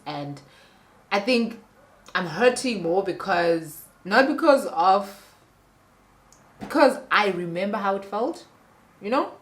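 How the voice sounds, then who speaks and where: A woman's voice: medium pitch, a bit bright. A young South African woman telling a personal story to her viewers in a casual vlog, emphatic and talking straight to them. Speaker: vlogger.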